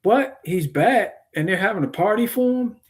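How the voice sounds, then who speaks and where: Man puts on an aggrieved older brother, voice jumps high, exclaiming. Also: moderate pace, natural voice. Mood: indignant. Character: resentful older brother, young man, indignant.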